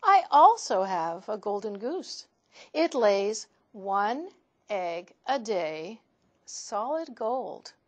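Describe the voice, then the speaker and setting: Woman doing an anxious rich storybook man, pleading, slow, raised voice. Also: mid-range voice, big pitch swings, heavily acted.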